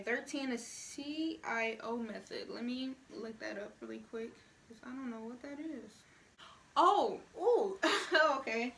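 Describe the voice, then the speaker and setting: A woman's voice: on the high side, fairly bright tone, slight background noise. A young woman, giving her opinions in a frank, conversational way on a casual vlog. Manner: frank, conversational, many "you know" asides. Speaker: vlogger.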